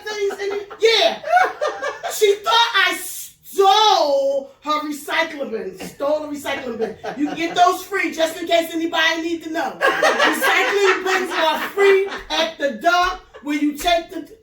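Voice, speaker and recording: A woman hosting a casual chat show, telling an animated, profane story and laughing through it. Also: extremely high pitch, a little slow, roomy sound, far from the mic, a little hiss or hum. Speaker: show host.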